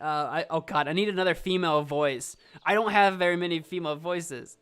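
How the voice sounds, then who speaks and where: A woman's voice: on the low side, fairly quick, few pauses, smooth. A woman streamer giving casual, self-deprecating let's-play commentary, thinking aloud as she reads.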